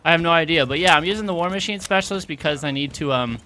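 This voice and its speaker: A young man commentating his video game play, out of breath, excitable and yelling at big moments. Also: on the high side, fast talker, a little hiss or hum. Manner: excitable, shouts at big plays, self-mocking. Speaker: gaming YouTuber. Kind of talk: gameplay commentary. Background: game gunfire and explosions.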